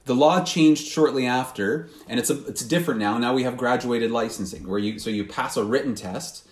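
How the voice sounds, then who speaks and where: A man's voice: mid-range voice, normal speed. A man preaching a sermon as pastor, earnest and questioning, often restarting his sentences. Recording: roomy hall.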